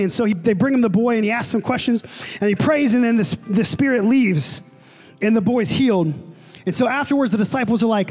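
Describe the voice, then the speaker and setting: A young man preaching a sermon to a college ministry, casual and excitable with lots of fillers. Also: high-pitched, fairly quick. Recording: long hall reverb, faint music.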